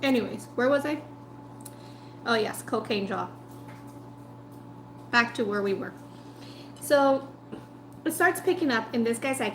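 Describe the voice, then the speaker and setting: A woman's voice: high-pitched, takes it slowly, long pauses, a little hiss or hum. Chatty woman food vlogger, echoey room. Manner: chatty, animated, lots of "like". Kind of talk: casual storytelling while eating.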